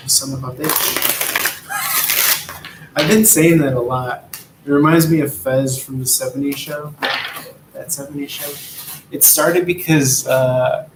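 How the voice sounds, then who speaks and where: A man's voice: medium pitch, echoey room, background noise. A man giving a casual, rambling tarot reading, laid-back and drifting from topic to topic. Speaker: tarot reader.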